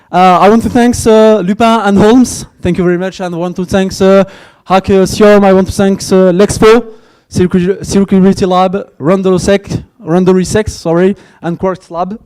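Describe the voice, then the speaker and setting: A man with a French accent, a native French speaker, giving a hesitant opening speech at a conference and thanking sponsors, with many pauses and fillers. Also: sits high, steady tone, darkish tone, smooth. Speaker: conference organizer. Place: conference hall.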